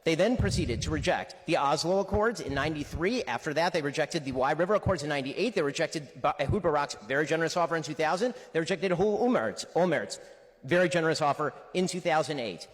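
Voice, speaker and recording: Rapid, insistent debating man. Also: on the high side, animated, in a large hall. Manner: insistent, rapid-fire rebuttal. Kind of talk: heated debate.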